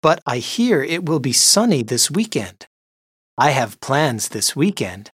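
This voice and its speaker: A woman voicing a schoolboy in a slow, clearly enunciated listening-test dialogue. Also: very deep voice, big pitch swings, dry recording, studio quality, heavily acted. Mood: friendly. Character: schoolboy Ryo chatting about weekend plans.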